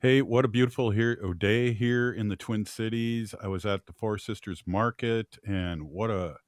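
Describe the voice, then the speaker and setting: A man's voice: lowish voice, normal speed, no room sound, studio quality. A man hosting a community radio show, chatting casually with many fillers and easy laughs. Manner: rambling, filler-heavy, laughs easily. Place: radio studio.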